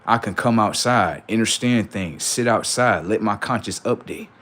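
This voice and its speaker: A man's voice: lowish voice, moderate pace, fairly bright tone. A man hosting a livestream, talking casually in slangy speech and preaching in rhetorical questions, acting out both sides of imagined exchanges. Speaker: livestream host.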